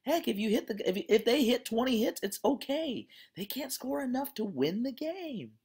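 A lecturer acting out an encouraging father who coaches youth baseball, giving a pep talk full of repeats, in a much higher voice than their own. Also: very animated, normal speed, darkish tone, breathy edge. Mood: reassuring. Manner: pleading, repetitive pep talk.

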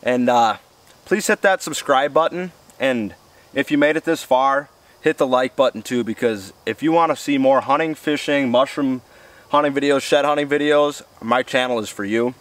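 Out near the woods, a Midwestern host chats his way through a cooking vlog with folksy enthusiasm. His voice is mid-range and normal in speed, and the distant outdoor mic carries faint noise.

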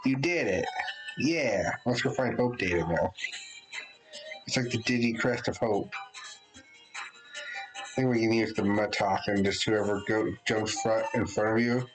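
A man's voice: lowish voice, unhurried, pauses often, low-quality recording. A man hosting a let's play, casually reading game text aloud and chatting as he plays. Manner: relaxed, chatty, thinks aloud with restarts. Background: game music.

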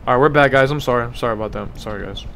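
Rapid-fire and fairly bright, a young man's mid-range voice carries over slight background noise. He's streaming a horror game live, jumpy and foul-mouthed, calling everyone "bro" all the time, yelping when frightened and muttering afterward.

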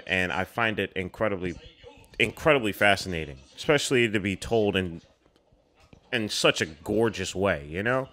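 A young man hosting a casual film reaction, excitable and slangy, calling out at the screen. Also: on the low side.

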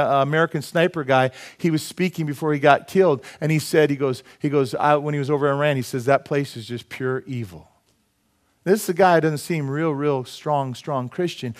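A male pastor preaching a sermon, swinging between loud exclaiming and low, quiet asides, acting out voices as he goes.

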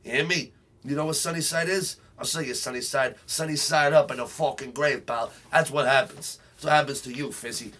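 A man's voice: medium pitch, steady tone, fairly quick. A man playing a brash, swaggering Brooklyn tough guy, delivering a profane, boastful comedic rant. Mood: threatening. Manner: boastful, profane, shouting rants. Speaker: comedic character host. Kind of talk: comedic character monologue.

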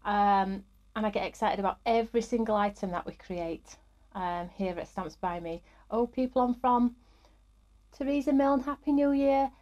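A woman's voice: medium pitch, moderate pace, a little mellow, highs cut off. A woman, middle-aged, hosting a live craft stream in an upbeat, chatty way and greeting viewers by name.

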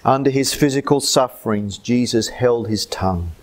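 A man with an Australian accent preaching a sermon as pastor, swinging between loud emphatic lines and low hushed ones. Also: normal speed.

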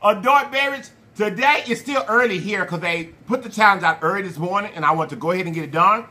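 A man hosting a food challenge vlog, talking to viewers in an animated, playful way with slang and drawn-out hype calls. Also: high voice. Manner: slang-heavy, addresses viewers as y'all. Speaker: mukbang channel host. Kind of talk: casual vlog talk to viewers.

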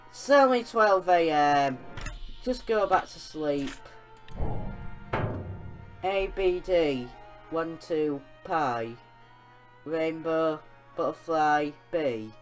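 A young woman giving let's-play commentary over a horror game, with a lowish voice and an unhurried pace. She gets excitable, scolding and shouting at the characters on screen, while faint game music plays underneath. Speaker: gaming channel host.

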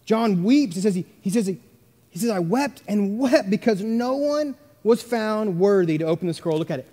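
A man preaching a sermon as pastor, emphatic, swinging between loud stresses and hushed asides. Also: high voice, lively intonation, moderate pace. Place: church sanctuary. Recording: long church reverb.

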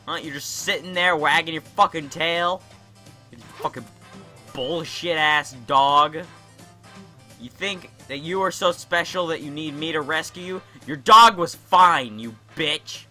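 A man's voice: fairly high pitch, a little slow, sharp tone, faint music behind. A young man giving profane, sarcastic let's-play commentary as a gaming YouTuber.

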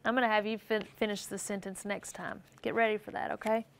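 A woman reads a picture book aloud to young children, animatedly asking them questions and answering on their behalf. Her medium-pitched voice is a little fast, with slight background noise.

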